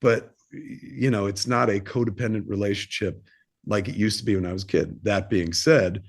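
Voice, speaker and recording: A filmmaker in his fifties, appearing as a podcast guest, shares a personal story candidly and at length, swearing freely and leaning on lots of fillers. His voice is lowish and husky, and the setting is casual interview storytelling.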